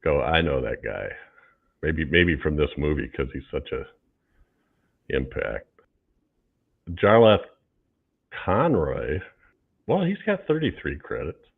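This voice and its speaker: A man with a low voice on a film review podcast, pausing and filling with ums as he checks cast facts. His sound comes through thin and tinny, like a phone line. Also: very animated, vocal fry, breathy edge. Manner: hesitant, many ums, looks up cast facts. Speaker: podcast co-host. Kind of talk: casual film review chat.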